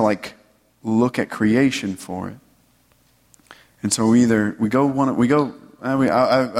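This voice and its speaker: A man giving a conversational sermon, loose and animated, often checking in with "right?". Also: mid-range voice, in a large hall. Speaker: preacher.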